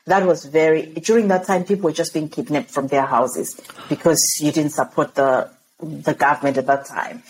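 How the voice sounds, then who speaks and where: A woman from Zimbabwe, a podcast guest, telling her story in an animated way and laughing often. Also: deep voice, moderate pace, slight background noise, low-quality recording.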